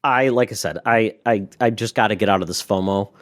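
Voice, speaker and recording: A man's voice: on the low side, a little fast, no room sound, clean studio sound. A man co-hosting a gaming podcast, chatting casually and reading a sponsor spot. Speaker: podcast co-host.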